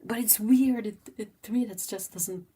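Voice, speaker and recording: A woman's voice: medium pitch, normal speed, dark tone, slightly rough. A woman from French Canada, hosting a livestream and chatting casually while she paints. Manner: chatty and rambling, many fillers. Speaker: livestream host.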